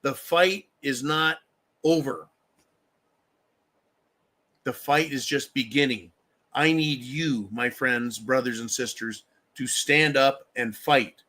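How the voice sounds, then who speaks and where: Speaking slowly with frequent pauses, a man with a medium-pitched, sharp voice hosts a live stream. His political rant is angry and full of profanity, and he stops to thank viewers for donations.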